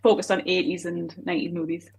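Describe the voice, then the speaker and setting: A woman's voice: fairly low pitch, level tone, quick pace, vocal fry, darkish tone, breathy edge. A woman with a North East English accent, a guest on a podcast, talking modestly about her hobby in casual chat. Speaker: guest cosplayer.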